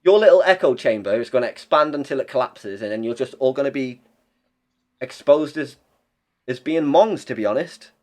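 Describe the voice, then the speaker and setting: A man's voice: medium pitch, lively intonation, moderate pace. Young man, podcast guest; blunt, rambling, casual swearing. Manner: rambling, blunt, swears freely, many restarts. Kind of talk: casual chat.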